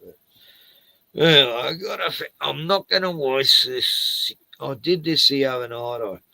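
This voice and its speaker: A man's voice: medium pitch, slow, creaky, sharp tone, dry recording, rough recording. A middle-aged man chatting casually on a late-night stream, tired and rambling, trailing off often and swearing a lot.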